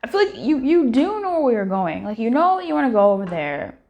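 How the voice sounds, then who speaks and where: A woman's voice: fairly high pitch, big pitch swings, a little fast, a little mellow, dull audio. Candid swearing woman reading tarot. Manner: candid, swears, laughs, addresses viewers directly. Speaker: tarot reader.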